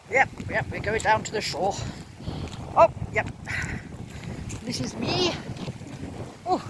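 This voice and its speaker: Woman vlogger, lively chatty delivery, outdoor handheld mic with loud wind buffeting. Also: mid-range voice. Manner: chatty, exclaims often, rambling asides. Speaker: vlogger walking her dog. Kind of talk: casual spoken vlog. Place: lakeshore outdoors in drizzle and wind.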